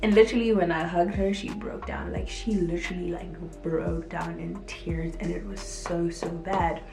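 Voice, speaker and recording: Woman vlogger, storytime, animated delivery, echoey room, faint music. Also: on the low side, normal speed, creaky. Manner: animated, acts out quotes, frequent "like". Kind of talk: casual storytelling to camera.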